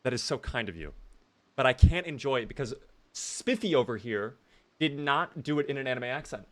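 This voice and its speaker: A young man commentating his live game stream, excitable and reactive, often thanking viewers. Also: medium pitch, normal speed.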